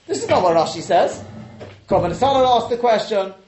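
A man teaching a Talmud class, questioning the texts out loud and mixing in Hebrew and Aramaic terms. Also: high voice, very animated, brisk, echoey room, faint music behind.

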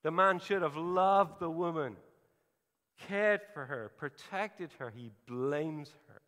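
A man preaching a sermon, earnest and emphatic, pausing for effect. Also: a little high, a bit bright. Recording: hall reverb.

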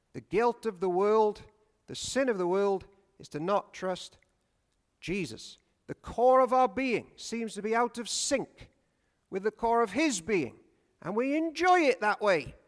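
Lively high-voiced preacher in a church hall. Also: male voice. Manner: lively, humorous, asks the congregation questions. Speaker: pastor. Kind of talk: sermon.

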